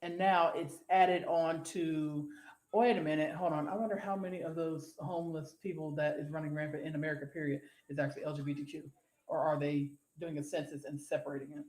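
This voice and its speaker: A woman's voice: low voice, fairly even intonation, fairly quick, a little mellow, roomy sound. A woman co-hosting a casual podcast, talking bluntly, swearing freely and breaking into exclamations. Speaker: podcast co-host.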